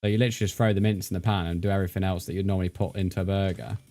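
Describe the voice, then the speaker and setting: A man's voice: sits low, steady tone, rapid-fire, mellow. A man, a streamer chatting casually and rambling while he plays, thanking viewers by name. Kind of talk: casual live-stream chat while gaming.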